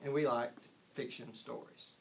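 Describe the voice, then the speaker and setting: A man's voice: mid-range voice, fairly even intonation, normal speed, creaky, slight background noise. An older man giving an informal spiritual talk, rambling with frequent restarts and chuckling at his own points. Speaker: spiritual teacher.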